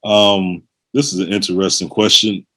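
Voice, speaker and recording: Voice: low voice, fairly even intonation, normal speed, pushed and bright. A podcast co-host reading listener questions in casual chat, with short, laid-back reactions.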